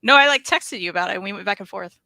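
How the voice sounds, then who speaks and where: A woman co-hosting a casual livestream, teasing her partner playfully and laughing quickly. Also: mid-range voice, animated, vocal fry, bright, forceful tone, dry recording. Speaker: co-host. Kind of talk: casual chat.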